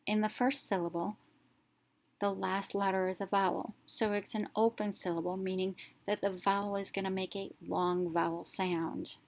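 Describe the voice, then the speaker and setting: A woman teacher giving a step-by-step phonics lesson, slowly sounding out letters one at a time. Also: medium pitch, flat delivery, creaky.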